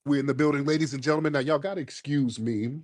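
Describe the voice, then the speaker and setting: A man hosting a casual live stream while hoarse from a cold, talking in slang and calling out to his viewers. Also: medium pitch, fairly even intonation, fast, darkish tone, a little hiss or hum. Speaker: livestream host. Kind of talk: casual livestream commentary.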